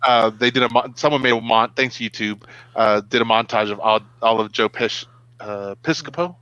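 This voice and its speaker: A man's voice: medium pitch, moderate pace, pushed and bright, smooth, no echo, muffled recording. A middle-aged man co-hosting a live web show, chatting casually and acting out what his kids say. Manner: storytelling, acts out quotes from his kids. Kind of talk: casual live-stream chat.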